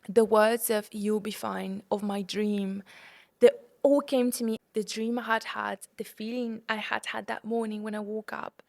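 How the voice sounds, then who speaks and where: A young woman from the UK and Spain hosts a podcast and tells a travel story casually and animatedly, frequently addressing listeners as "guys." Her medium-pitched voice is creaky and unhurried.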